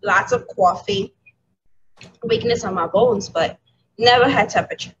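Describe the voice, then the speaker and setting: A woman educator from New York City, talking candidly as an interview guest, halting and laughing softly. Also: medium pitch. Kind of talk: emotional interview talk. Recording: dull lo-fi audio with clear background noise.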